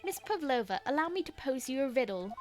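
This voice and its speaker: A woman's voice: sits high, big pitch swings, fast, soft background music. A woman voicing a grand, pompous male detective, reading game dialogue aloud with theatrical flair.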